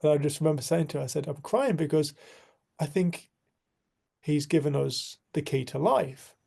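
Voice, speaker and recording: Gravelly, mellow-voiced man sharing reflections. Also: fairly high pitch. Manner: earnest, storytelling, soft and slow at times. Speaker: community group facilitator. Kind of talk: reflective spiritual talk.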